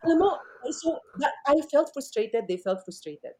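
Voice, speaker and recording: A woman's voice: a little high, big pitch swings, normal speed, dark tone. A woman with a Filipino accent, a professor, telling stories expressively and switching between English and Tagalog. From Philippines. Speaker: professor and guest speaker. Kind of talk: animated storytelling talk.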